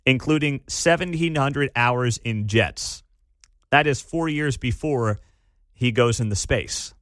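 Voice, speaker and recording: Talk host: man, mocking ranter, very animated pitch, dry studio sound. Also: no echo. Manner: sarcastic, mocking, ranting. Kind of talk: opinionated talk radio commentary.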